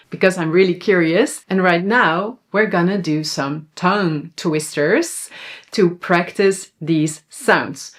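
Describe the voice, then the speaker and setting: A woman with a Dutch accent teaching pronunciation, saying example words slowly and asking viewers to repeat after her. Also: lowish voice. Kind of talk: pronunciation lesson.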